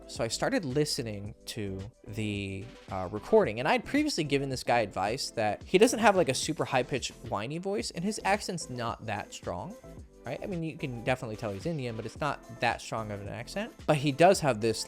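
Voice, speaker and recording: A man's voice: a little fast, soft background music. A man, a dating coach, giving direct-to-camera advice in a blunt, profane way, often checking in with "right?" and "okay?". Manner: animated, jumps up in pitch for emphasis.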